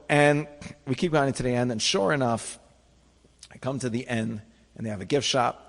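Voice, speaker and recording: Gravelly man telling a comic story. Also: medium pitch. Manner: animated, with quick restarts and acted-out asides. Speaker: rabbi telling a story to an audience. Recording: echoey hall.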